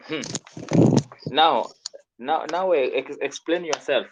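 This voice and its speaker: A man's voice: medium pitch, animated, a little slow, noisy background. Man, French teacher, repetitive drilling, online lesson. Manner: repeats words, quizzes the student.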